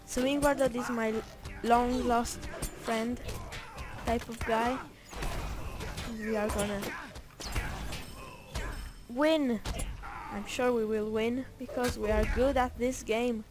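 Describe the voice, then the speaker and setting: A woman's voice: fairly high pitch, fairly even intonation, takes it slowly, pauses often, over music. A woman giving casual gameplay commentary in a playful, rambling way, with joking asides to herself. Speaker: gameplay narrator.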